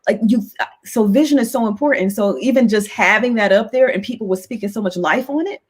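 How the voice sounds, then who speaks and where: A woman's voice: medium pitch, fairly quick, husky. A woman hosting an interview show, talking in a thoughtful, casual way with frequent fillers. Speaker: host.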